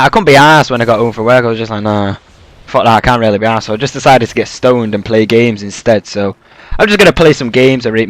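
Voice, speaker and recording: A young man talks over his gameplay in a loose, rambling way, dropping swear words and fillers. His voice sits at an ordinary middle pitch. The sound is dry and close, with no room echo. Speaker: gaming YouTuber. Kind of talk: casual gameplay commentary.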